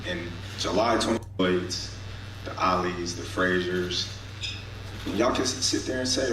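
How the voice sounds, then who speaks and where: A man's voice: low voice, slow, pushed and bright. A man from the United States, a boxer at a press conference, trash-talking in a slangy, boastful, playful way. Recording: echoey hall mic, far off, crowd noise.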